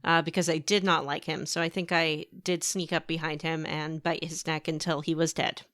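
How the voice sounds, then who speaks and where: A woman's voice: deep voice, level tone, moderate pace, a bit bright, dry recording, clean studio sound. A woman co-hosting a podcast, chatting casually and teasingly about a video game. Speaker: podcast co-host.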